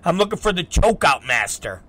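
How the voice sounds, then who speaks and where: Brash, bright-voiced man ranting. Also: high-pitched, a little hiss or hum. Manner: animated, profane, quotes people in quick back-and-forth. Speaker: podcast host. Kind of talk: profane storytelling monologue.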